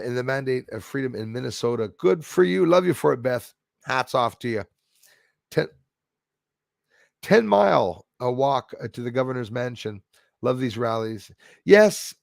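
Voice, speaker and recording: Gravelly rambling man. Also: mid-range voice, no room sound, clean studio sound. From Canada. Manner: rambling, indignant, reads viewer comments aloud. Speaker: livestream host reading chat. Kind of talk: casual chat.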